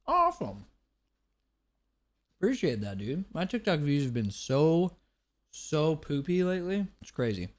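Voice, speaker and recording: A young man talking casually on a live stream, his pitch rising and falling a lot. He laughs loudly, swears casually and keeps thanking his viewers. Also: wildly swooping pitch, measured pace, pauses often. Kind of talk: casual live-stream chat reacting to a clip.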